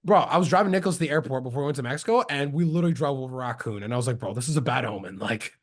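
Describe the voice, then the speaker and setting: A man's voice: mid-range voice, animated, very fast. A young man from Canada in casual chat, telling stories with slang and acting out the people he quotes. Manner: slangy storytelling, acts out quoted voices. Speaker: podcast guest.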